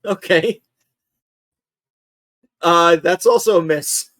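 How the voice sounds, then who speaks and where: A man's voice: on the high side, takes it slowly, a bit bright, no room sound, clean studio sound. A man running a tabletop game as game master, narrating with many fillers and laughs.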